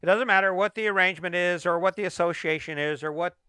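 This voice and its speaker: A man's voice: sits high, fast talker, pushed and bright, clean tone, no echo, studio quality. A middle-aged man hosting a motivational podcast, talking emphatically and firing off repeated rhetorical questions. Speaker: podcast host.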